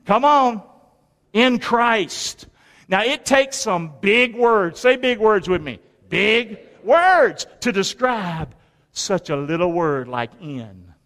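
A man preaching a lively, folksy sermon in a church, calling the congregation to answer back. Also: high voice. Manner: folksy, call-and-response preaching. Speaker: pastor. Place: large church sanctuary. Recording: long reverb of a large hall.

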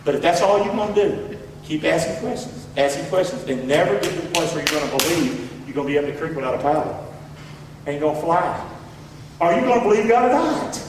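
A man with a Southern accent preaching a sermon in a folksy way, swinging between loud shouts and low asides. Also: quick pace, noisy background. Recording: echoey hall, voice from far off.

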